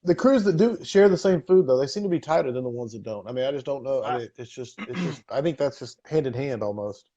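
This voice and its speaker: A man's voice: mid-range voice, animated, quick pace, mellow. A man hosting a podcast, chiming in on the conversation with short, encouraging remarks. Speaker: podcast host. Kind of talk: casual conversation. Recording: dull lo-fi podcast audio.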